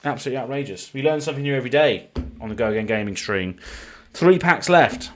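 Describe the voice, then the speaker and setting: With soft music playing in the background, a British man from the United Kingdom chats casually during a live stream, reading card names aloud in a steady list as he opens packs. His voice is mid-range, animated and brisk.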